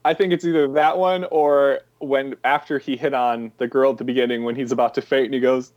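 A man co-hosting a podcast, retelling film scenes in a lively way and laughing often. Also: mid-range voice, brisk, few pauses, dull audio. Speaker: podcast co-host. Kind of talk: casual chat about a film.

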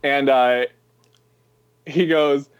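A man co-hosting a podcast, retelling film scenes in a lively way and laughing often. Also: mid-range voice, very slow, smooth, highs cut off. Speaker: podcast co-host. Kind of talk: casual chat about a film.

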